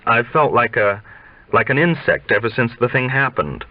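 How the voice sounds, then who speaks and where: A man's voice: mid-range voice, normal speed, no echo, lo-fi sound, pitched above the performer's own voice, lightly acted. A man reading aloud, voicing an anxious, guilty young man who answers hesitantly. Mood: uneasy.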